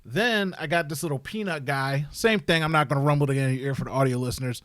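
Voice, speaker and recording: Animated, slangy man chatting. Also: fairly high pitch, fast talker, no echo. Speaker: podcast host, wrestling parent. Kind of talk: casual chat.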